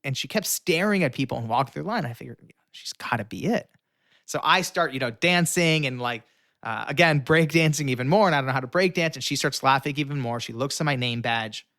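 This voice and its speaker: A young man, a guest in an interview, telling a story with lively animation and acting out the lines of the people in it. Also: mid-range voice, a little fast, no room sound, clean studio sound.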